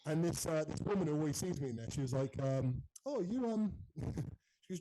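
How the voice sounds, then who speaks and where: A man's voice: a little high, quick pace, mellow, low-quality recording. A man in casual podcast chat, telling stories animatedly and swearing freely. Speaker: podcast host.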